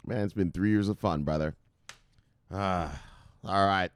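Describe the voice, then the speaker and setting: A man hosting a crypto channel livestream, reading viewer comments in an excitable, profane, joking way with shouted catchphrases. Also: deep voice, unhurried, long pauses, smooth, no room sound.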